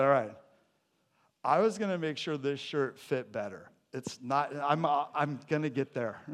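Guy preaching in a church, casual jokey sermon, kinda high voice, gets loud then drops to almost nothing. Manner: animated, swings from loud emphatic to hushed; conversational, joking with congregation. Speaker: pastor. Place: church sanctuary.

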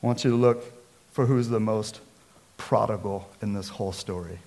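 A man, a pastor from the Seattle area, preaching a sermon with lively storytelling and acted-out quotes. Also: fairly low pitch, moderate pace. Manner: storytelling, animated, acts out quotes.

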